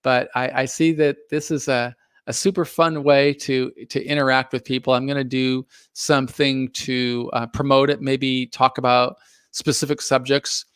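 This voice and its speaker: A man's voice: mid-range voice, flat delivery, moderate pace, clear, resonant tone, no echo, studio quality. A middle-aged man hosting a casual live stream, speaking earnestly and thoughtfully with many fillers and restarts. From United States. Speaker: live stream host reading viewer comments.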